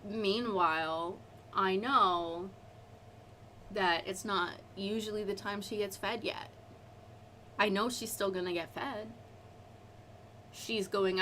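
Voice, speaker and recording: A woman talks through a relaxed Bible study on a live stream, rambling and chatty, at a mid pitch with a faint hiss behind her. Her talk wanders through asides and fillers as she works her way to each point. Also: takes it slowly, long pauses.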